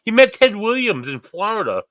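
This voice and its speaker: A man's voice: sits high, big pitch swings, normal speed, fairly bright tone, dry recording. A man co-hosting a casual live-streamed chat, telling rambling stories full of quoted voices. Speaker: podcast co-host.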